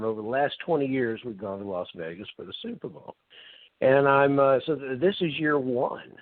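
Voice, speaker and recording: A man's voice: mid-range voice, dry recording. A man co-hosting a podcast, reminiscing in an easygoing chat with fillers. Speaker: podcast co-host. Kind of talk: casual chat over a call. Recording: dry, tinny phone-line audio.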